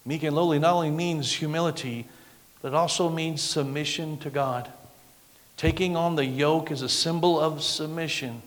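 A middle-aged man preaching a sermon with a loud, projecting voice, acting out the voices of the people he quotes. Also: on the high side, steady tone, moderate pace. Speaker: pastor. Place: church sanctuary. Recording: long hall reverb.

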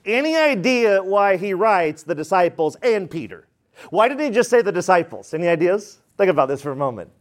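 A man's voice: sits high, very animated, brisk. A man preaching a sermon as pastor, with emphatic repetition and questions put to the congregation.

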